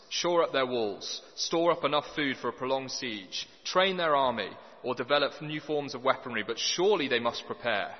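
A man preaching a sermon, earnest and conversational with dry humour. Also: mid-range voice. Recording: dull lo-fi sound with long hall reverb.

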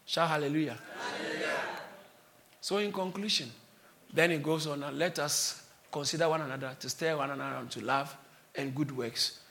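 A man, a pastor, preaching a sermon with bursts of shouting and laughter. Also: on the high side, steady tone, normal speed, creaky, pauses often, slight background noise.

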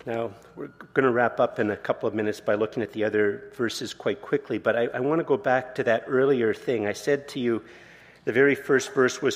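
A man in his sixties, a pastor preaching a sermon, conversational and self-deprecating, slowing down to read scripture. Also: medium pitch, steady tone. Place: church sanctuary. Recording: long reverb of a church hall.

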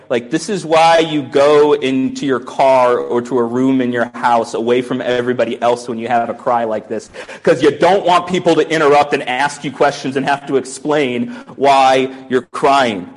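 A pastor preaching a sermon in a musing, conversational way, often restarting his sentences. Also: medium pitch.

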